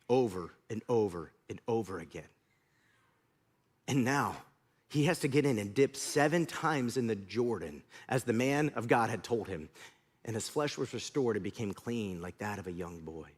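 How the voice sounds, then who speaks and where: A male pastor preaching a sermon, telling stories animatedly and acting out scenes. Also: medium pitch.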